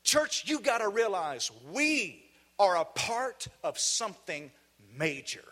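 A man with a Southern US accent preaching an energetic sermon as guest preacher, calling out to the congregation. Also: high voice, slow pace. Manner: fiery, shouting call-and-response with the congregation. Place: church sanctuary.

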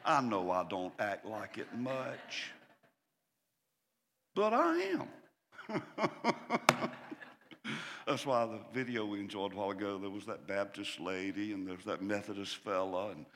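A man's voice: on the low side, very animated, a little slow, pauses often. Passionate preacher man in a reverberant hall. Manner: impassioned preaching that swells to loud cries. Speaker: pastor. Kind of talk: sermon.

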